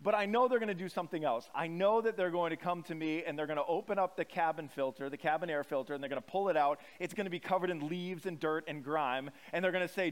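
A man preaches from the pulpit in an easy, conversational way. He tells self-deprecating stories, and his voice sits a little higher than most men's. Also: quick pace, hardly any pauses. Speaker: pastor. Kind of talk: sermon.

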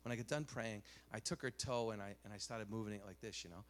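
A man preaching a sermon, telling stories animatedly, dropping to a hush and rising loud again, with many restarts. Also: lowish voice, quick pace.

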